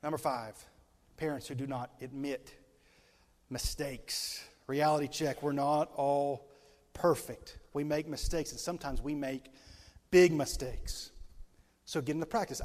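A man preaching a sermon as a pastor, emphatic and stretching key words slowly for weight. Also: fairly high pitch, darkish tone. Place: large church sanctuary. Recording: long reverb of a large hall.

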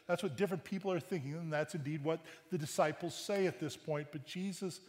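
A male pastor preaching a sermon in an emphatic way, often rising to loud bursts and checking in with the congregation. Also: on the high side, fairly quick. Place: church sanctuary. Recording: long hall reverb.

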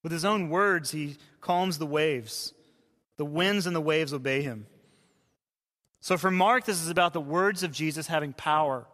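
A man who is a pastor, preaching a sermon in a conversational way and dropping to hushed tones for quoted voices. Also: a little high, normal speed. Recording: long hall reverb.

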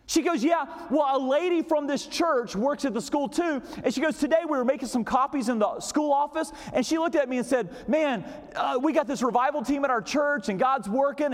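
A man preaching as a pastor, telling a story in an animated way and acting out quoted voices, sometimes dropping to a whisper. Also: very high-pitched. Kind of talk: storytelling sermon. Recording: long hall reverb.

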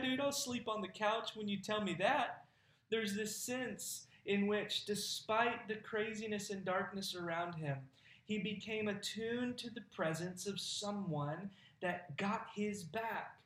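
A man's voice: high voice, a bit bright, roomy sound. A man preaching a sermon as pastor, conversational and folksy, laughing now and then.

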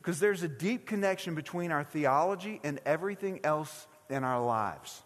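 High-voiced male pastor, reverberant hall. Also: lively intonation, moderate pace. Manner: conversational, asks the congregation many questions. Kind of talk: sermon. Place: church sanctuary.

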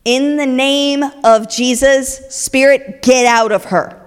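A woman voicing a patient apostle, soft, lightly raised voice, hall reverb. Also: high-pitched, very slow, vocal fry, pitched above the performer's own voice, heavily acted. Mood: commanding. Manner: soft brushing-off, later a loud command. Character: weary apostle, calm, then commanding.

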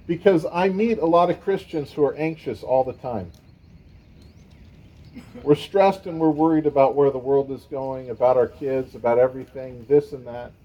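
A man's voice: a little high, muffled recording. A man preaching a sermon in a conversational way, with casual asides to the congregation. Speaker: pastor.

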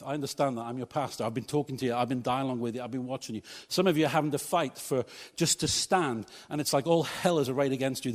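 A man's voice: medium pitch, long reverb tail. A male pastor preaching a sermon in a church, talking conversationally and joking with the congregation. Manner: conversational, humorous asides to congregation. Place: church hall.

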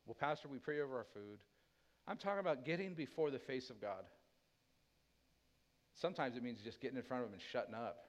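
A pastor preaching a sermon with a dynamic delivery, dropping to a hushed tender voice and rising loud again. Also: male voice, mid-range voice, lively intonation, brisk, pauses often.

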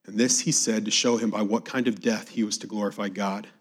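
A man preaching a sermon, reading scripture aloud with emphasis and dropping to a hushed, quiet voice to reflect on it. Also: fairly low pitch, fairly even intonation, fairly quick.

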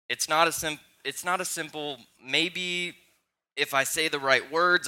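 A young man preaching a sermon in a church, conversational and warm-humored, mixing personal stories into his teaching. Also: mid-range voice, smooth. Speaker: pastor. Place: church sanctuary.

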